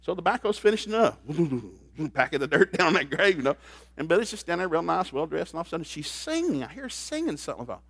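A man preaching a sermon, telling stories in an animated way and laughing at them. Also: on the high side, fast, vocal fry, breathy edge, no echo. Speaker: pastor. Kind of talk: storytelling sermon.

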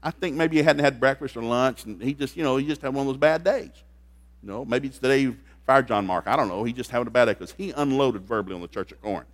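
Man preacher, mid-pitched voice, folksy comic delivery with hushed asides and sudden loud bursts during a church service. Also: fast. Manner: folksy, joking, swings from low asides to loud outbursts. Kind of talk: comedic sermon.

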